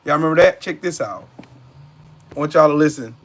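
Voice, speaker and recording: A man's voice: on the high side, fairly quick. A man hosting a channel, reacting to clips in a loose, slangy way and talking straight to his viewers. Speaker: host. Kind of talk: casual reaction commentary.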